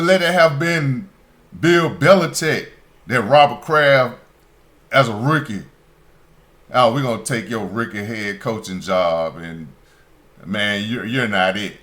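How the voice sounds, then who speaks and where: This sports talk radio host speaks in a fairly high, fairly bright male voice. His opinionated monologue grows emphatic and builds toward heated indignation.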